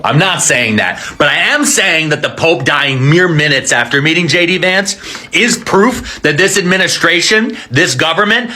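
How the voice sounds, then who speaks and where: A man delivering a comedic rant with animated, exaggerated storytelling. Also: fairly high pitch.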